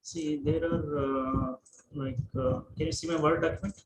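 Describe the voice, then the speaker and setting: A man giving an online lecture over a video call, talking haltingly with many fillers and restarts. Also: on the high side, fairly even intonation, gravelly. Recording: echoey room with noise.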